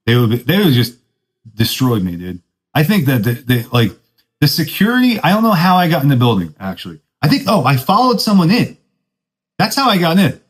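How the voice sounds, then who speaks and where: A man's voice: mid-range voice, poor audio. A young man hosting a podcast, telling casual, self-mocking stories in laid-back surfer slang. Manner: laid-back surfer talk, says dude a lot; self-deprecating, laughs at his own stories. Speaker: podcast host. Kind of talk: casual storytelling monologue.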